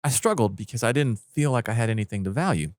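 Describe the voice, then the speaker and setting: This is a male podcast host with a mid-range voice that moves a lot in pitch. He chats casually and keeps reacting, recorded dry and close. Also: lively intonation, quick pace, no echo. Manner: reactive, lots of short affirmations. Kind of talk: casual interview chat.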